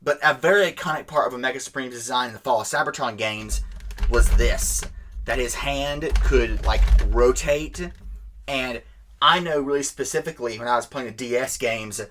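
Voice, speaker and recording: A man giving a casual, unscripted toy demonstration, rambling and correcting himself as he goes, clearly enthusiastic. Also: mid-range voice, normal speed, a bit bright, slight background noise. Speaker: toy reviewer.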